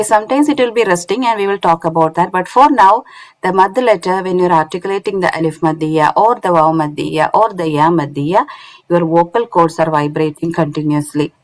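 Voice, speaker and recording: In a low-quality recording, a woman with a fairly low pitch gives an online English lesson on Quran recitation. Her accent is non-native, and she walks through each step, frequently asking "isn't it?".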